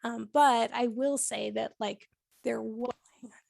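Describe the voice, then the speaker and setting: Chatty woman with a gravelly fry. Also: a little high, steady tone, a little slow, a little mellow, dry recording. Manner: chatty, heavy use of "like" and "you know", laughs often. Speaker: podcast host and cookbook author, interviewed. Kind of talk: casual conversational storytelling.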